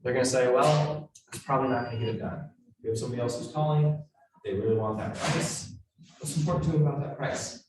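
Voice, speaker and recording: A man giving a live real estate training talk to agents, blunt and animated, acting out the people he quotes. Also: mid-range voice, quick pace, noisy background. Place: training room with an audience. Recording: roomy, echoey hall from far off.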